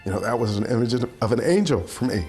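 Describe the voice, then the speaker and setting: A survivor tells his story in an interview, speaking quietly and slowly and searching for words. His voice is mid-pitched for a man, with faint music under it. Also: lively intonation, gravelly. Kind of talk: interview testimony.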